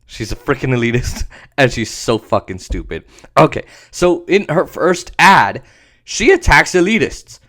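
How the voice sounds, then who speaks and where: A man's voice: medium pitch, very animated, moderate pace, fairly bright tone. A man hosting a podcast, ranting sarcastically with profanity and laughter. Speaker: podcast host. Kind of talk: ranting commentary.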